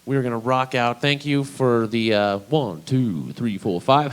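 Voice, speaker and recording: A young man from Idaho doing a live stand-up comedy set, telling stories in a casual, profane, deadpan way. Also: mid-range voice, normal speed, hardly any pauses, slight background noise. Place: small comedy venue, live.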